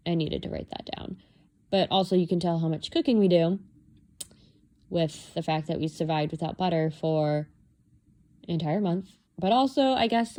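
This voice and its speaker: A young woman talking casually through her journal pages, rambling and self-deprecating, with many filler words, and acting out her own thoughts in a higher voice. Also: dark tone. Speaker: vlogger.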